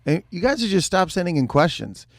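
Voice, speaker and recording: A man's voice: high-pitched, big pitch swings, fairly quick, gravelly, no room sound, studio quality. A male pastor co-hosting a casual church podcast, his voice still not recovered from the weekend, joking and rambling with restarts. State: voice not recovered, a bit hoarse.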